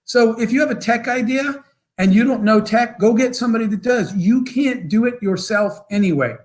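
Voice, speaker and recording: A man, a guest entrepreneur, telling motivational stories in an interview in an animated, quick way. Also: very high voice, low-quality recording. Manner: animated, fast storyteller with bursts of laughter.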